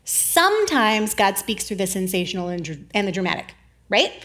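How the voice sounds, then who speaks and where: A woman's voice: mid-range voice, normal speed. Woman in her 30s giving a sermon, jittery, laughs a lot, voice jumps all over. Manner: animated, laughs often, acts out quoted voices; jittery, says she is over-caffeinated. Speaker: speaker giving a faith talk. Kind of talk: sermon-style talk.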